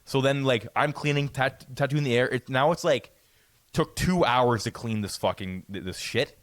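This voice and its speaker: A medium-pitched, slightly bright voice at normal speed, recorded with no room sound, belongs to a podcast co-host telling a long story casually. He rambles, stammers into frequent restarts and swears plenty.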